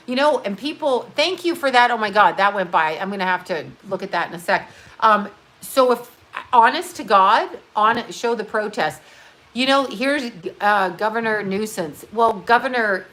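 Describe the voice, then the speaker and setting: A woman's voice: mid-range voice, expressive, moderate pace, a bit bright. Blunt, profane woman chatting on a livestream. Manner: blunt, profane, chatty while doing her nails. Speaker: livestream host. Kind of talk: casual rambling livestream chat.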